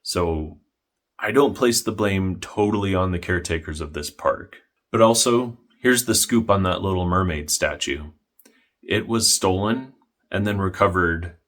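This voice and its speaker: A young man narrating a history vlog in a dry, deadpan style. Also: low-pitched. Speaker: history vlogger.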